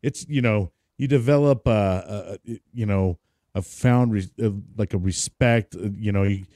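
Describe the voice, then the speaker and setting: A man's voice: fairly low pitch, moderate pace, warm tone, no echo, clean studio sound. An American man hosting a podcast, chatting in a laid-back way, swearing casually and laughing. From United States. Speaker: podcast host, veteran. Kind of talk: casual interview chat.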